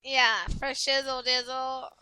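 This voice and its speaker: Very high-pitched, bright, brash woman. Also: little pitch movement, slow, slight background noise, low-quality recording. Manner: blunt, rowdy, swears freely, laughs often. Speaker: podcast co-host. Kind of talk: casual profane chat.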